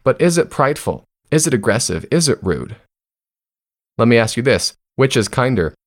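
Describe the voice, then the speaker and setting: A man's voice: medium pitch, big pitch swings, normal speed. A man hosting a self-help podcast, speaking conversationally and often putting questions to listeners. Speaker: podcast host.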